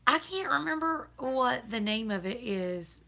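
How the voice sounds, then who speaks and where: A woman's voice: a little high, lively intonation, a little slow, creaky, sharp tone. A woman chatting casually on a live stream, laughing often. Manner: chatty, laughs often, Southern turns of phrase.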